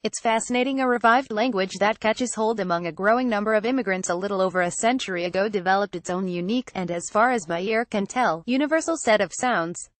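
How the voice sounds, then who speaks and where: A woman reading a written article aloud in a measured, even way. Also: mid-range voice, no room sound. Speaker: reader.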